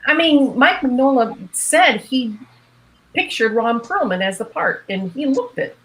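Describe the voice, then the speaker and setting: A woman's voice: high-pitched, animated, measured pace, a bit bright, poor audio. A woman panelist in a casual group chat, telling stories in a chatty way. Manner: chatty, storytelling.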